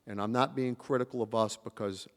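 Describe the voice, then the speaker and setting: A man telling lively stories to a convention audience, acting out the voices of the people in them. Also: medium pitch, fairly quick. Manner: animated storyteller, acts out quotes, drawls "y'all". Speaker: convention panel speaker. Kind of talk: storytelling talk to a live audience. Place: large convention hall. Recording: reverberant convention hall.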